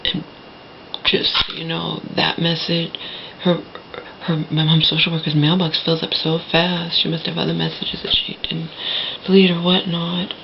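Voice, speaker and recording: Gravelly woman rambling in a lo-fi vlog. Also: low-pitched, completely flat delivery, moderate pace, a little hiss or hum. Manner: rambling, with many restarts and some whispered asides. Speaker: vlogger. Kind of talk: personal vlog monologue. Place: indoors at a home.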